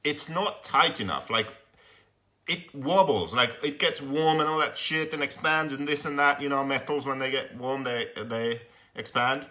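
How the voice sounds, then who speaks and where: A young man hosting a live workshop stream, telling a story with lots of swearing and loudly acting out his frustration. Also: mid-range voice, normal speed. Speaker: host of a live workshop show.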